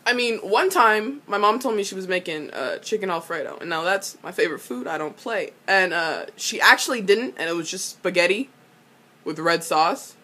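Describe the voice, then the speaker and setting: A young woman recapping a TV episode in a casual, animated way, exclaiming, swearing and laughing often. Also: lowish voice, normal speed. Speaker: vlogger.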